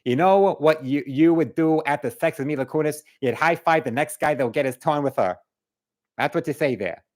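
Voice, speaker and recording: A man puts on a menacing boxer who trash-talks and taunts his opponent in a slightly high, threatening voice. The boasts come hard and repetitive, like a fighter before a bout. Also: moderate pace, close to an everyday voice. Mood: taunting.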